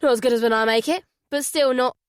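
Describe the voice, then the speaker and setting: A woman voicing a weary, quiet detective father in an audiobook. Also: a little high, moderate pace, no room sound, clean studio sound, natural voice.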